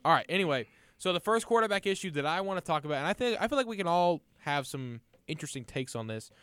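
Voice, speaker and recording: A man's voice: fairly high pitch, lively intonation, fast, fairly bright tone, smooth, dry recording. A man hosting a casual sports chat, upbeat and chatty, a bit under the weather. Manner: leads the talk, upbeat and chatty.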